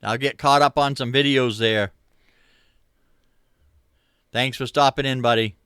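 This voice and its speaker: A middle-aged man with a Maine accent hosts a laid-back chat with his viewers, rambling along with plenty of fillers. His voice is bright and clear. The sound is dry and close. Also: medium pitch, fairly even intonation, measured pace, no room sound. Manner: easygoing, rambling, many uh fillers, chuckles. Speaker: livestream host. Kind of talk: casual chat reading viewer comments.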